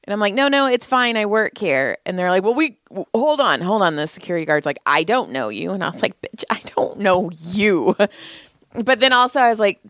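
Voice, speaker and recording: Animated woman spinning a story. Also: medium pitch, quick pace, no echo, clean studio sound. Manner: animated, acts out everyone's lines in her stories; frequent laughter and swearing. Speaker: podcast co-host. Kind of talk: casual comedic storytelling.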